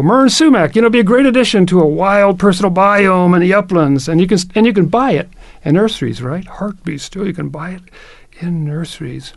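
A folksy man with a gravelly, somewhat high voice tells a wandering story in a playful tone, lingering on words he likes. The sound is close and dry, with no room around it. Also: no echo. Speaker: host.

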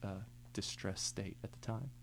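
A man's voice: lowish voice, measured pace, creaky, fairly bright tone. A young man playing music live on the radio, chatting loosely and joking between songs and often laughing. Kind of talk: casual on-air chat between songs.

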